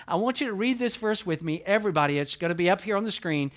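A male pastor preaching to his congregation with a notably high voice. He drives his points home by repeating key phrases and putting questions to the listeners, in an earnest, emphatic way. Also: animated, fairly quick, few pauses, fairly bright tone. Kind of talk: sermon. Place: church with a projection screen.

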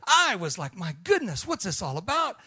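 Male preacher, high voice, telling a mission story in a sermon, moves between hushed lines and shouted ones. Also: wildly swooping pitch, moderate pace, breathy edge. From Illinois.

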